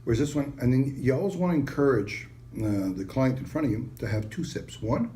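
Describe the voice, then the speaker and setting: A man presenting a wine and cheese tasting, enthusiastic and casual in a sales-pitch manner. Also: a little fast, dark tone, a little hiss or hum. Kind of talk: product tasting demonstration.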